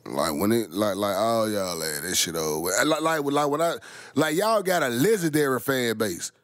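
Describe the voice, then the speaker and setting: A man's voice: medium pitch, animated, moderate pace, a bit bright, dry recording, clean studio sound. A middle-aged man, rambling casually to his viewers, full of slang and swearing. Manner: profane, rambling, heavy slang. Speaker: vlogger.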